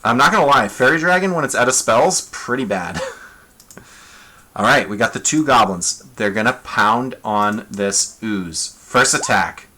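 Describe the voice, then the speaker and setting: A man running a tabletop monster fight on a live stream. His voice is bright and forward at a middling pitch. He talks casually and chattily, reasoning aloud about rules and rolls. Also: lively intonation, unhurried. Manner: thinking aloud, rolling dice and ruling on the fly; casual, chatty, self-amused. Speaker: game master.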